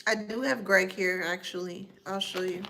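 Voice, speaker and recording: Talking to camera as a psychic reader, a woman names places and people she says come to her, spelling several of them letter by letter. She speaks at normal speed in a medium-pitched voice with fairly even intonation, and there is background noise.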